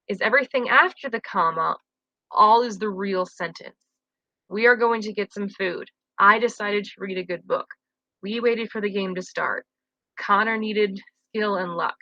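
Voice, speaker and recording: A young woman talks through a recorded grammar lesson like a teacher addressing her class, friendly and explanatory. Her voice is bright and forward. The sound is close and dry, with almost no room around it. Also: medium pitch, no echo, highs cut off. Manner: friendly, explanatory, casual fillers.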